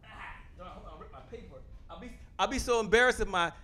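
A man talks straight to camera in an energetic sales pitch, loud and fast and hammering the same phrases again and again. His voice sits high for a man. A faint rumble hums behind him in his home studio. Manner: loud, fast-talking, emphatic, repeats phrases. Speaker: host. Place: home studio with a photo wall backdrop.

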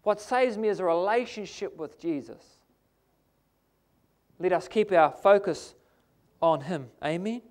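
Nz preacher guy, pretty high voice, punchy sermon delivery, calls out amen to the room. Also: animated, measured pace, pauses often, darkish tone. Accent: New Zealand. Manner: emphatic, calls out "amen?" to the congregation. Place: church.

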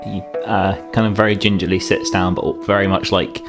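A man's voice: low voice, flat delivery, normal speed, music in the background. A man playing at a tabletop game, speaking casually and a little hesitantly. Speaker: player.

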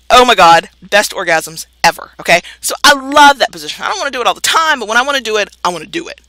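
A woman's voice: mid-range voice, pushed and bright, no echo, poor audio. A woman hosting a podcast, talking frankly and jokingly in a candid monologue. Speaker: podcast host.

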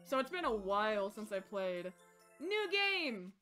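A woman streaming a game live, excitable and chatting to her viewers as she plays. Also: medium pitch, unhurried. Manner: excitable, gasps and squeals at the game. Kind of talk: live gameplay commentary. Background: faint game music.

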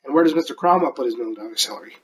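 A performer playing a slick, ruthless male corporate raider who is addressing a shareholders' meeting as an amateur movie monologue. The delivery is a speech that swings between loud, high emphasis and low, whispered lines. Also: expressive, very fast, husky, poor audio. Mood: persuasive.

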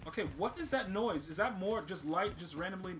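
A man's voice: high voice, lively intonation, fairly quick, background noise. A man hosting a gaming channel, giving casual gameplay commentary with hyped, slang-heavy banter.

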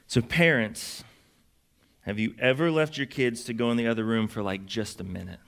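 A man's voice: mid-range voice, normal speed, gravelly, fairly bright tone. A young adult man preaching a sermon as pastor, in a casual, conversational way with lots of fillers.

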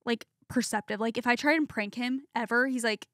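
A woman's voice: on the high side, a little fast, fairly bright tone, no room sound, clean studio sound. A young woman chatting as a podcast guest, telling stories in a chatty way full of "like". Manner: chatty, storytelling with lots of "like". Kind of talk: casual chat.

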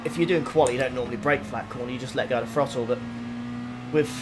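A young man streams a racing game from home, speaking fast into a desk USB condenser mic at a medium pitch with fairly even intonation. He chats casually while driving, reading out and answering messages from his live chat as music plays in the background.

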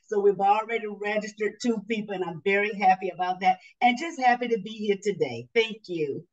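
A woman's voice: mid-range voice, moderate pace, few pauses, recorded from a distance, muffled recording. A woman in her sixties from Georgia introducing herself on a panel with chatty, self-aware asides. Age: 60s. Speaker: panelist, author and transformation coach.

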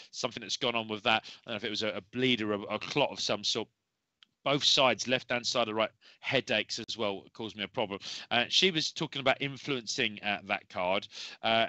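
A man's voice: on the low side, brisk, sharp tone, no echo, rough recording. A man hosting a live show of psychic readings, talking in a rambling, reassuring way with many fillers, tired after a long day. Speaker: medium and show host.

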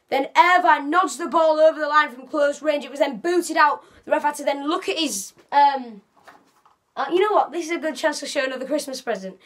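A woman's voice: high voice, fairly bright tone. A woman giving a casual, rambling football match reaction as a fan vlogger, often correcting herself.

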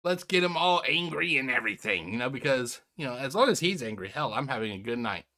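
A man hosting a reaction video, laughing often, swearing and mocking what he watches while addressing viewers as ladies and gentlemen. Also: mid-range voice, animated, fast talker. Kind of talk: casual reaction commentary.

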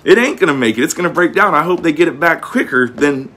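This preacher's voice runs a little high, pushed and bright, expressive and quick-paced. He reads old-style scripture and explains it informally in folksy terms, frequently repeating words.

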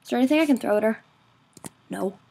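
A woman giving casual gameplay commentary, excitable and quick to exclaim, often mocking herself. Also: on the high side, gravelly, breathy edge. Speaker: gaming video creator.

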